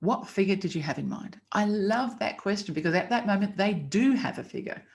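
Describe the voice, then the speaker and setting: A woman's voice: mid-range voice, lively intonation, a little fast, a little mellow. A woman teaching about pricing in a chatty, emphatic way, acting out client dialogue as examples. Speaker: copywriting teacher. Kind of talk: casual instructional talk.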